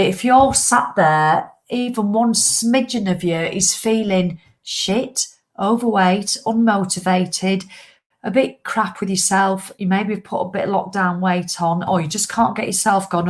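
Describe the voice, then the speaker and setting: A middle-aged woman, a fitness coach, talking straight to her followers in a casual live video with blunt, impassioned swearing. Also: mid-range voice.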